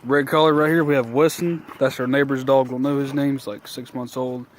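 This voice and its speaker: A man's voice: medium pitch, brisk, slight background noise. A man giving a rowdy, cussing play-by-play of his dogs wrestling, filmed on a phone at home. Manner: rowdy, cussing, excited, cheering on. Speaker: video host. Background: dogs playing.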